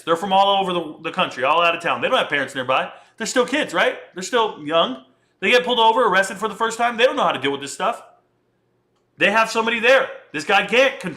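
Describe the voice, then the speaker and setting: High bright-voiced man telling a story. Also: quick pace. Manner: animated, slangy, conversational storyteller. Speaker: commentator. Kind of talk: casual commentary and storytelling.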